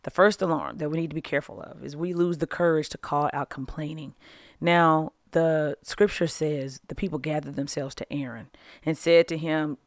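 A woman hosting a devotional podcast, teaching from scripture in a casual, animated way, often laughing and acting out little quotes. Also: deep voice, moderate pace, dry recording, clean studio sound. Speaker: podcast host and Bible teacher.

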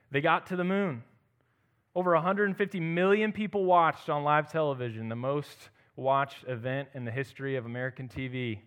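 A young man delivers a sermon in a slightly higher-than-average voice. He reads scripture and then preaches, lifting his voice on key phrases and dropping low and quiet at the ends of lines.

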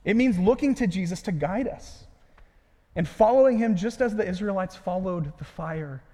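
High-voiced preacher in a reverberant hall. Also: male voice, normal speed. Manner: earnest, drops to a hush at phrase ends. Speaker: pastor. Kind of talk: sermon.

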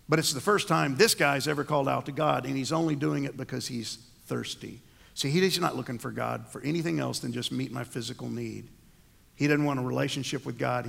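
A man's voice: medium pitch, creaky, fairly bright tone, breathy edge, big-room sound. A man preaching a sermon as the pastor, asking the congregation rhetorical questions.

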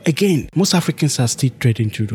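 A man's voice: mid-range voice, lively intonation, a little fast, a little mellow. A man hosting a podcast, asking probing questions in a conversational way and often repeating words as he goes. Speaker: podcast host. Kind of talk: podcast interview.

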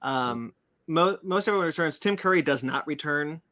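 A man's voice: a little high, expressive, moderate pace, bright, forceful tone. A man hosting a casual podcast chat, rambling with many fillers and restarts. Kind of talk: casual chat about comics and cartoons.

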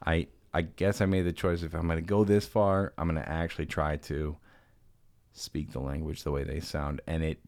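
Low-voiced male podcast host, casual and earnest, dry small room. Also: flat delivery, normal speed, a little mellow, no echo. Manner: chatty, earnest, self-deprecating. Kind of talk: casual chat.

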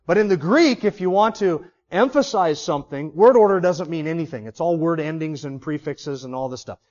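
A man's voice: a little high, brisk, a little mellow, highs cut off. A man preaching an expository sermon as pastor, teaching emphatically through rhetorical questions.

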